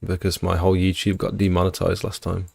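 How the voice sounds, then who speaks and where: A man's voice: deep voice, monotone, a little fast, creaky, darkish tone, husky. A British man hosting a livestream, chatting casually and answering viewers' questions as they come in. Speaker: livestream host. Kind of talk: casual live chat.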